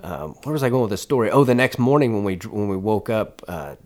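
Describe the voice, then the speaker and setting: An American stand-up comedian with a lowish, expressive voice rambles through loose stories in casual conversation, talking fast. He laughs, swears often, and keeps restarting his sentences.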